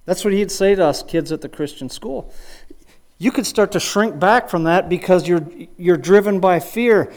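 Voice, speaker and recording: A man's voice: high voice, normal speed, a little mellow. A middle-aged man giving a conversational sermon, asking rhetorical questions and often restarting his sentences. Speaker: preacher and high school wrestling coach.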